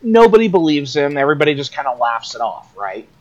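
Podcast co-host, a man with a slightly high voice, casual and rambling. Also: sing-song, quick pace, highs cut off. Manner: rambling, filler-heavy storytelling. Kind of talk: casual chat.

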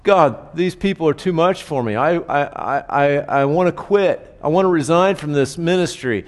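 A man's voice: fairly high pitch, moderate pace, pitched above the performer's own voice, natural voice. A man voicing Moses as an exasperated adult man who complains and fires off incredulous questions. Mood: whining. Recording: reverberant hall.

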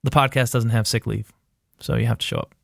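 Male podcast co-host, mid-pitch, rambling and profane, dry close mic. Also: fairly even intonation, a little fast, gravelly, no room sound. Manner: rambling, profane, full of fillers and quoted asides. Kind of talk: casual TV recap chat.

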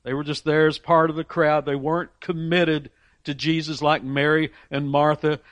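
A man's voice: on the high side, little pitch movement, moderate pace, a bit bright, no echo. A man preaching a sermon, emphatic, reading scripture aloud and briefly acting out the voices of people in the story. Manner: emphatic, voices characters in Bible stories.

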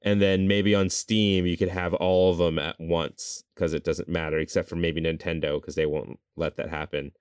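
A man in casual chat, musing aloud and trailing off as he pitches ideas. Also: little pitch movement, normal speed, hardly any pauses, smooth, dry recording, studio quality.

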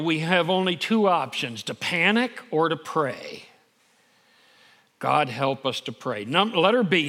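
Middle-aged guy preaching a sermon, high voice, gets loud and emphatic, echoey church hall. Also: vocal fry. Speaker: pastor.

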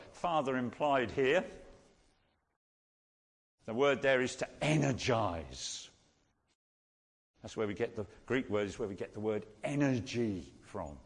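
Slow-speaking preacher man in a reverberant hall. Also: medium pitch. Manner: unhurried teaching, repeats key phrases for emphasis. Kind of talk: sermon.

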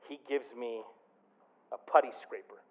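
A man preaching a sermon as pastor, telling a story with big swings from quiet to loud. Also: medium pitch, a little slow. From Michigan.

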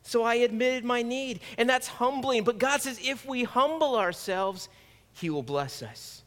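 In a church sanctuary, a man preaches earnestly and conversationally in a high, slightly bright voice. The long reverb of the church hall carries his sermon.

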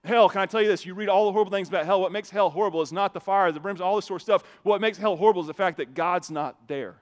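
A man, a pastor, preaching a sermon in a conversational way, often repeating words as he starts a phrase and swinging from soft asides to loud emphatic lines. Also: sits high, fast.

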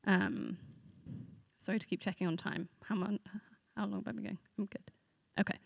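A woman's voice: medium pitch, steady tone, quick pace, gravelly, darkish tone, breathy edge, no room sound. A woman giving a conversational sermon to a church group, earnest and reflective, speaking off the cuff.

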